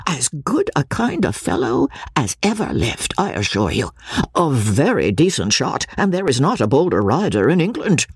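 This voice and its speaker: Woman doing a loud cheerful old country squire, gossipy, husky, bouncy pitch. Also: big pitch swings, moderate pace, dry recording, studio quality, exaggerated voice. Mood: hearty. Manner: boisterous, jovial, gossipy. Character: hearty, blustering older country squire.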